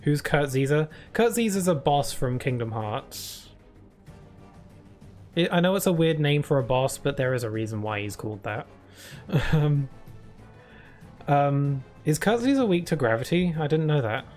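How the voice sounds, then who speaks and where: A man's voice: fairly high pitch, animated, a little slow, long pauses, darkish tone, faint music behind. A man streaming live, chatting casually through rambling stories full of fillers. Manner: rambling anecdotes with many fillers.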